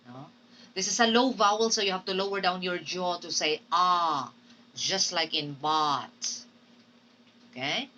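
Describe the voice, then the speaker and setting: A woman's voice: lowish voice, steady tone, normal speed, pushed and bright, recorded from a distance, a little hiss or hum, rough recording. A woman with a Filipino accent, teaching English pronunciation in a patient classroom lecture, drilling words and repeating them. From Philippines.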